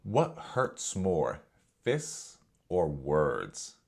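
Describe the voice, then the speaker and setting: An eager, fidgety schoolboy who won't let a question drop, as a man puts him on. The voice rides clearly higher and brighter than the teller's own low voice. He repeats himself and keeps pushing. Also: very animated, moderate pace. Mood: insistent.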